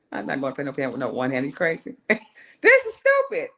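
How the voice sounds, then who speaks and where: A woman, a singer and songwriter, telling a personal story on a live show in a lively way, acting out voices and calling her listener "girl". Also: a bass voice, quick pace. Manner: animated, acts out her own voice and inner voices, calls the listener "girl".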